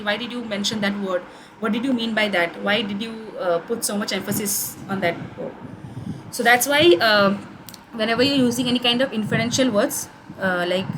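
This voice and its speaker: Young Indian woman tutoring, noisy recording. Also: mid-range voice. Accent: Indian English. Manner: conversational, with frequent fillers and restarts. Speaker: course tutor. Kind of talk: online course tutorial session.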